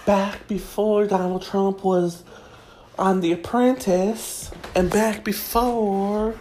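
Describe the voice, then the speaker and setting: A woman's voice: medium pitch, steady tone, slow pace, mellow, slight background noise. A woman delivering a sassy, mock-prim comedic gossip monologue as host.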